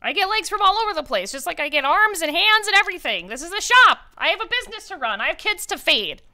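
A woman voicing a tiny, pushy male kobold shopkeeper in a tabletop game, with squeaky, clipped, broken speech and quick, insistent haggling. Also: very animated, bright, forceful tone, heavily acted. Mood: indignant.

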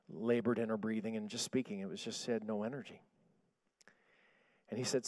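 A pastor preaching a sermon, telling a story in a hushed voice and rising to shouted declarations. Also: male voice, lowish voice, fairly even intonation, a little fast, pauses often, no room sound.

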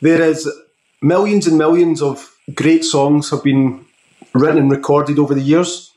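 A man hosting a rock talk show, asking questions and telling stories in a relaxed, jokey way. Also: a little high, unhurried. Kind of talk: casual interview questions. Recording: roomy echo.

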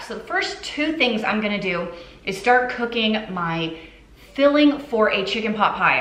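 A mother in her thirties vlogs from her echoey home kitchen, chatting casually and cheerfully with viewers while she cooks. She speaks at a fairly high pitch with a bit of brightness.

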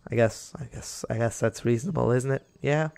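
A man's voice: mid-range voice, fairly quick, vocal fry, darkish tone, no echo. A young man giving casual, rambling commentary over a game, talking to the animals on screen and getting exasperated with them. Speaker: gaming YouTuber.

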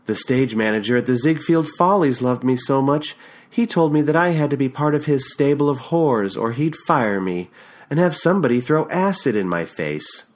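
A bitter, scornful middle-aged woman, as a male audiobook reader puts her on, sharp-tongued and mocking. Her voice sits a little above an ordinary man's register and swings higher when she flares. It is a storybook reading captured on a USB condenser mic. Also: animated, normal speed, lightly acted.

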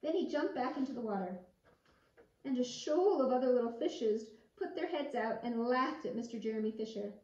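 A woman reading a children's picture book aloud in an expressive, lively way. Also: a little high, normal speed. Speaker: children's storyteller. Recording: roomy, distant, dull lo-fi sound.

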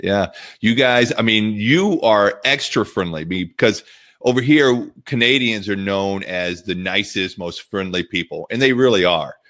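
A man with a deep, low voice hosts a podcast in casual conversation. He talks upbeat and chatty, sprinkling in ums and restarts. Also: unhurried, a bit bright. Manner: upbeat, chatty, many fillers. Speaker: podcast host. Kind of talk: casual interview chat.

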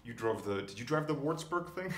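A man actor in a press interview, joking and animated. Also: mid-range voice, fairly quick, a crowd in the background. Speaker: film actor.

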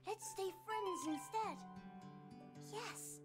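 A woman's voice: very high-pitched, very slow, music in the background, heavily acted. A voice actress playing a sweet little girl who wants her parents to stay together, heard as game audio. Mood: hopeful.

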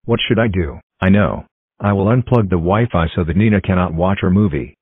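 A man's voice: deep voice, brisk, breathy edge, dry recording, phone-quality sound. A male computer voice playing a whiny, petulant cartoon boy who throws tantrums. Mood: scheming.

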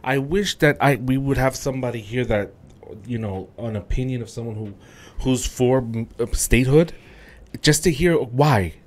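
A man's voice: mid-range voice, normal speed, darkish tone. Hesitant man musing on a podcast. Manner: thoughtful, wondering aloud, hesitant. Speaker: podcast co-host. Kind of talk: casual chat.

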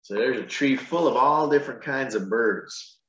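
A man, a pastor, reading a picture book aloud to children, with gentle, chatty asides between pages. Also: mid-range voice, normal speed. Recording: echoey room, dull lo-fi sound.

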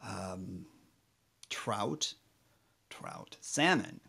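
Slow-talking playful male music teacher. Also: on the low side, animated, vocal fry, pushed and bright, slightly rough. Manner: playful, rambling, sings phrases, self-corrects often; drums on a table. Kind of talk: kids' music lesson.

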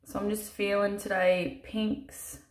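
A woman narrates her makeup tutorial in a casual, chatty way, sleepy but lively, with offhand swearing and self-mocking asides. Her voice sits at an ordinary middle pitch. The room gives it a noticeable echo. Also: takes it slowly. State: tired from little sleep. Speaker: makeup artist doing a tutorial. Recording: roomy echo.

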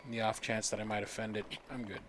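A man's voice: fairly low pitch, monotone, racing, noisy background. A man casually commenting on his gameplay, joking and talking to himself as he plays. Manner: playful, jokey, talks to himself while playing. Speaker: gaming streamer. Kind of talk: casual let's-play commentary.

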